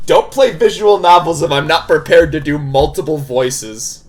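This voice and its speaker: A male streamer with a fairly high voice commenting casually over a game. He jokes, swears freely and reacts out loud to what happens on screen. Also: moderate pace.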